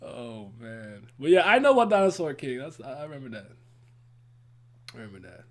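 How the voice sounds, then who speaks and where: A man's voice: medium pitch, big pitch swings, brisk. A man co-hosting a podcast in casual chat, rambling and easygoing.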